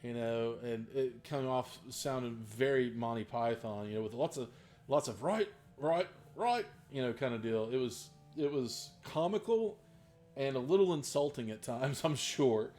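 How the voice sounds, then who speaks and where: Brief: easygoing tabletop game master with a faded West Virginia accent, chatty and meandering, full of fillers, mid-range voice, light music behind. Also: male voice, medium pitch, normal speed, a little mellow. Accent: faded Southern West Virginia. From Southern West Virginia. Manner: rambling, many fillers and restarts, easygoing. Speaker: dungeon master. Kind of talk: casual Q&A talk.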